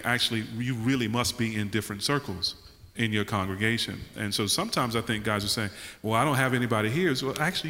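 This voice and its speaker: A man who is a pastor, speaking in a panel discussion and telling a story with animated, laughing delivery. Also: mid-range voice. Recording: long hall reverb.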